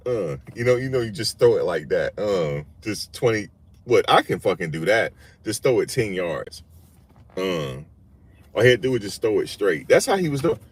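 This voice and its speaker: A man's voice: on the low side, very animated, normal speed, breathy edge. A man hosting a sports channel, giving casual reaction commentary in an emphatic, slangy way and repeating his points.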